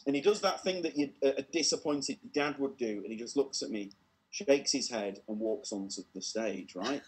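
A British man telling a comedy story on an online show, lively and acting out the voices, laughing at his own tale. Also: medium pitch, moderate pace.

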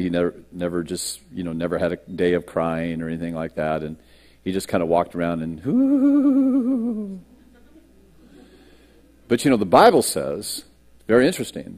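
A man's voice: low voice, darkish tone. A man pastor delivering a sermon at a church service, reading scripture and preaching with dramatic swings in his voice. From United States.

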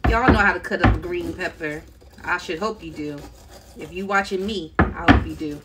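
A woman's voice: lowish voice, moderate pace, very noisy. A middle-aged woman chatting casually with livestream viewers while she chops vegetables in her home kitchen, laughing often. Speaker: cooking livestream host. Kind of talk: casual cooking livestream chat. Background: loud chopping and kitchen clatter.

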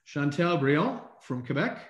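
A man co-hosting a live online recognition event, reading out names in an upbeat way and often clearing his throat, speaking over a video call. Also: on the high side, very animated, a little slow, lo-fi sound. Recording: echoey room on a video call.

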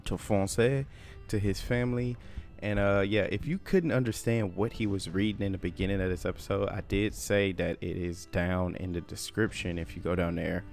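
A male gaming host talks through his game in a loose, rambling way and cracks jokes as he goes. His voice is very low, and faint music plays under his commentary. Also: gravelly. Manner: chatty, rambling, jokey. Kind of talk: casual gameplay commentary.

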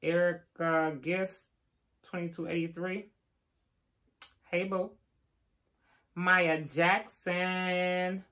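A woman's voice: fairly low pitch, level tone, drawn-out words, pauses often, fairly bright tone. An older woman, chatting casually on a live stream and reading out viewer names with teasing asides. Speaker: vlogger giving live shout-outs.

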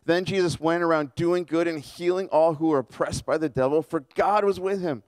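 A man's voice: fairly high pitch, a little mellow, clear, resonant tone, dry recording. A male pastor preaching a casual, joking sermon and acting out the people in the story. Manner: casual, joking, acts out characters with quick voice shifts. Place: church.

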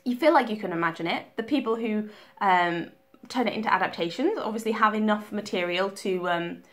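A woman's voice: mid-range voice, fairly quick, a bit bright. A young woman talking casually about her reading, chatty and full of ums and restarts. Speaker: book vlogger.

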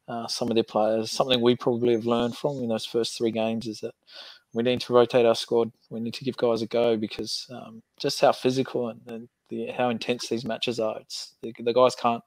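Flat-voiced rugby coach on a call. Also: male voice, mid-range voice, normal speed, no room sound, rough recording. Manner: hesitant, many fillers. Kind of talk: interview answers.

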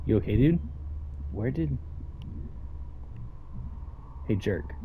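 A man's voice: medium pitch, expressive, moderate pace, narrow, tinny audio, slight background noise. A man playing through a story game, casually reading out every character's lines himself. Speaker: let's play gamer. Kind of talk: reading game dialogue aloud.

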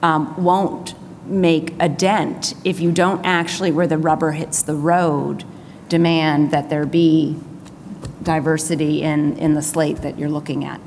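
Low-voiced woman, persuasive, in a hall. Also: level tone, a little mellow. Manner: measured and persuasive. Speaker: panelist. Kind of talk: panel discussion. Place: conference hall. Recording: reverberant hall with faint noise.

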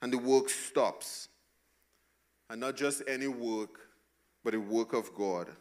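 A male pastor preaches a sermon slowly in a medium-pitched voice. He is emphatic and repetitive, swinging between hushed passages and loud ones.

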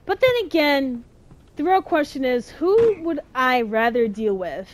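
A young adult woman hosting a gaming video, giving casual let's-play commentary and getting jumpy and loud at the game. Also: high voice, unhurried. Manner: excitable, yells at the game, jumpy.

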